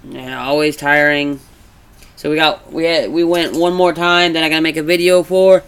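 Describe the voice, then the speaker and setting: Bright, clear-voiced man chatting casually. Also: fairly high pitch, moderate pace. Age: adult. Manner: rambling, restarts, animated when retelling. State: congested from allergies. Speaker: vlogger. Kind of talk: casual chat.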